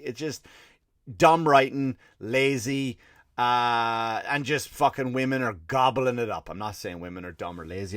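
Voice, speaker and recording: A man's voice: medium pitch, fairly bright tone, no echo, clean studio sound. An Irish man hosting a comedy podcast, ranting sarcastically and swearing often. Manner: profane, exasperated, sarcastic. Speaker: podcast host. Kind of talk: comedic rant.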